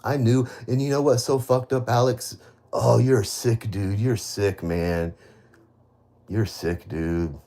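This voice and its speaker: A man's voice: medium pitch, steady tone, takes it slowly, warm tone. A man on a live stream, ranting at people he blames, repeating his accusations, swearing heavily and rambling with many restarts. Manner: bitter, accusing, repeats himself. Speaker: livestreamer. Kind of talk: live stream rant to viewers.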